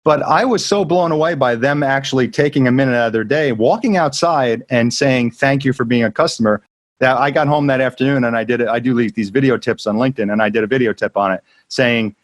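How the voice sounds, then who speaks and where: A man's voice: mid-range voice, fairly quick, no echo. A man hosting a casual interview, talking in an easygoing way with frequent restarts. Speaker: podcast host.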